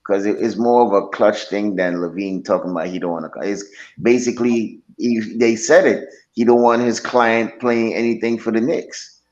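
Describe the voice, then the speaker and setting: A man co-hosting a casual sports podcast, talking in a slow, easygoing way. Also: lowish voice, fairly even intonation, darkish tone, highs cut off. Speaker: podcast co-host.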